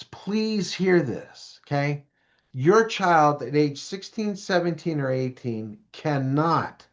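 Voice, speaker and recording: Animated man with a higher voice. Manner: animated, storytelling, asks the audience questions. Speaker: prevention speaker for parents. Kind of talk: parent education presentation. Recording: dull lo-fi recording.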